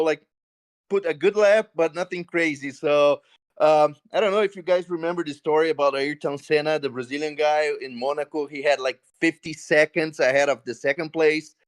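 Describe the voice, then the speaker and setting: Hesitant racing driver giving a post-race interview. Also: male voice, fairly high pitch, smooth. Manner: hesitant, many fillers, laughs often.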